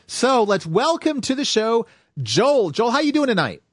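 A man's voice: very high-pitched, big pitch swings, a little slow, no room sound, studio quality. An American man hosting a casual podcast chat, rambling with lots of fillers and restarts. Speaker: podcast host.

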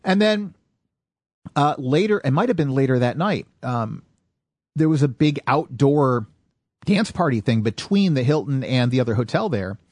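A man's voice: medium pitch, moderate pace, dry recording. A man in his forties from Michigan, hosting a casual podcast chat and telling stories with acted-out quotes. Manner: animated storyteller, acts out quotes. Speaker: podcast host.

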